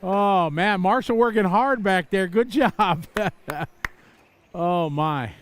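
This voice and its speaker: A middle-aged man calls the action live from an outdoor racetrack, chatting casually between bursts of excitement. His voice sits a little high for a man, and he jumps from easygoing banter to quick, shouted reactions. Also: slight background noise. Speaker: race commentator. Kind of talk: live play-by-play commentary.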